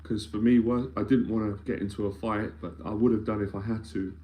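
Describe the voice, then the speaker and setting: A man's voice: fairly low pitch, fairly even intonation, fast, mellow. A man, an anxiety mentor speaking earnestly and emphatically in a live-streamed talk, often repeating phrases as he builds a point. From London, England.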